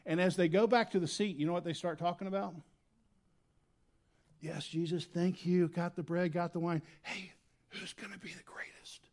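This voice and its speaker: A man preaching a sermon as pastor, swinging between loud emphatic lines and quiet, low asides. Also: steady tone, moderate pace, long pauses. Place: church sanctuary.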